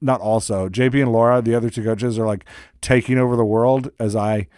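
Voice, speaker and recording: A man's voice: mid-range voice, fairly even intonation, brisk, darkish tone, smooth, no room sound. A middle-aged man hosts a casual solo podcast, drifting loosely between updates and poking fun at himself. He talks into a close microphone in a dry, dead room. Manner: rambling and self-deprecating, with many fillers and restarts. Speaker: podcast host and writing coach. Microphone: close studio microphone.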